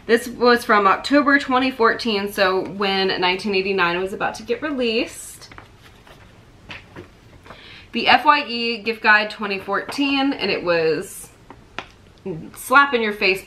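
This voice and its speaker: Young woman vlogging her collection, bright and chatty, gets all emotional. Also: fairly high pitch. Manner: chatty and emotional, fan excitement. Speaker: vlogger showing a merch collection. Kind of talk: casual chat.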